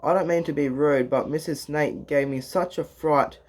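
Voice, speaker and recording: A man's voice: a little high, fairly even intonation, moderate pace, close to an everyday voice. A man voicing a nervous, protective mother koala in a storybook read-aloud. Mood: anxious. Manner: anxious, fretful.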